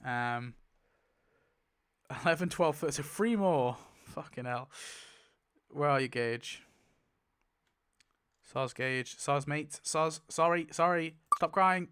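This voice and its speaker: Excitable young man, smooth voice. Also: fairly high pitch, slow, pauses often. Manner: excitable, laughs often, swears, counts aloud. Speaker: YouTuber spinning a wheel. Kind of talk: casual commentary while playing.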